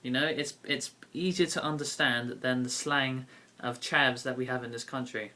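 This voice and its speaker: Bright-voiced young British man vlogging. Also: medium pitch, fairly even intonation, normal speed. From Britain. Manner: rambling, many fillers and self-corrections. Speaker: YouTube card game vlogger. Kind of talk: casual talking-to-camera vlog.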